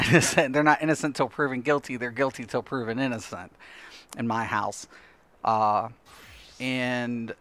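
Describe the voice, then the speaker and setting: A middle-aged man chats loosely while he plays a game on stream, trailing off and filling gaps with "you know" and "um." His voice is smooth and clear. The sound is dry and close. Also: mid-range voice, fairly bright tone, no echo. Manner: rambling, many fillers like "you know". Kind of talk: casual chat while gaming on stream.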